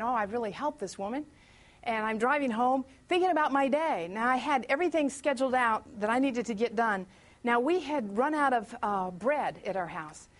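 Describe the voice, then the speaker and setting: A woman speaking at a church meeting, telling a personal testimony as a chatty story, acting out her own prayers and thoughts and breaking off to welcome people coming in. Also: on the high side. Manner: chatty storyteller who pauses to greet latecomers.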